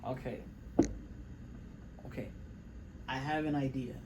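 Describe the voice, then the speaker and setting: A man's voice: mid-range voice, fairly even intonation, slow pace, background noise. A man vlogging from a music studio, thinking aloud in a loose, conversational way as he works on a song. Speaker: rapper vlogging his songwriting. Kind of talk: casual studio vlog talk.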